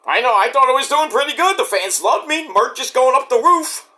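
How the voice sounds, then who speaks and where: Male vlogger, high bright voice, rambling and profane, slips into acted-out quotes. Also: animated, brisk. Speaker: wrestling commentary vlogger. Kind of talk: casual rant.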